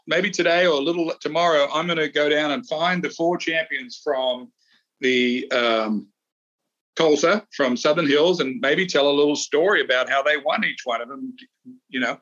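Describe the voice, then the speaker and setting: Bright-voiced man telling golf stories. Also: fairly high pitch, moderate pace, lo-fi sound. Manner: rambling anecdotal storytelling. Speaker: golf analyst and former champion. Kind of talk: casual podcast chat.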